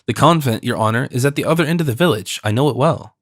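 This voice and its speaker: A loyal, cautious servant who speaks with deference, read by a man in an audiobook. His voice sits at a middle pitch. The recording is dry and close. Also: animated, fast talker, dry recording, lightly acted. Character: loyal wary male servant. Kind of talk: audiobook character reading.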